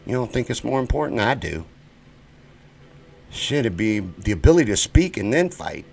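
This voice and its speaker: Host, male, American; profane live-stream ranter, very animated pitch, flips from shouting to muttering. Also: normal speed, creaky, husky. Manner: heated, profane, swings between shouting and muttering. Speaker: show host.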